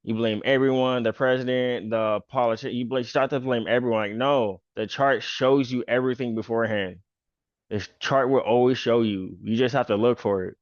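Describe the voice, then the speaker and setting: A man's voice: mid-range voice, fairly even intonation, moderate pace, no echo, highs cut off. A man hosting a casual stock chart walkthrough, talking loosely with lots of fillers like "pretty much" and "bro". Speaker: stock trader and channel host.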